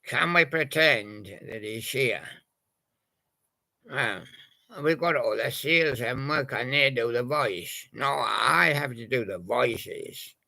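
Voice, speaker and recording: Brief: gravelly, bright-edged male storyteller, slow and meandering. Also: medium pitch, expressive. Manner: rambling and hesitant, full of pauses. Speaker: toy-story narrator. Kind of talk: casual improvised storytelling with toys.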